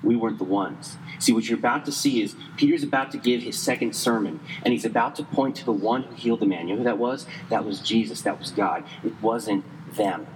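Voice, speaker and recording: A man preaching a sermon conversationally, quick in places and slow and emphatic in others, saying he is losing his voice. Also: mid-range voice, big-room sound, slight background noise, poor audio. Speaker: pastor.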